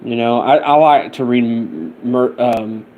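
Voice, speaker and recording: A tired man rambling through casual late-night chat as he hosts a livestream, halting and restarting his sentences. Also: medium pitch, steady tone, narrow, tinny audio, a little hiss or hum. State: tired and sleepy. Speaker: livestream host.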